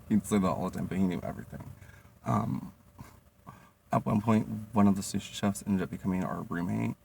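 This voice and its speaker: Low gravelly young man rambling stories. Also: fast talker, darkish tone. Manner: rambling, lots of "like" and "um", swearing, laughing. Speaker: vlogger. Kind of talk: casual comedic storytelling. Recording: distant mic, faint noise.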